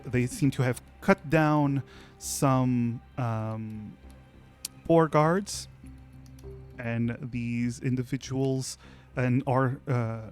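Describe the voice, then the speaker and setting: A man narrating as game master in a relaxed, chatty way, speaking at a mid pitch. His delivery is loose and full of fillers, with faint music in the background.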